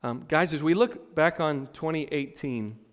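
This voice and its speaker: Joking pastor in a reverberant hall. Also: male voice, fairly high pitch, unhurried. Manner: conversational and joking, frequent checks with the audience. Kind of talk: sermon with personal stories.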